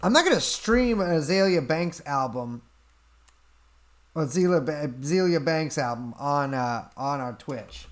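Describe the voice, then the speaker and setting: Offhand deadpan male streamer. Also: a little high, a little slow. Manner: offhand, deadpan, reads and answers questions. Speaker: podcast host answering chat. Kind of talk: casual livestream chat.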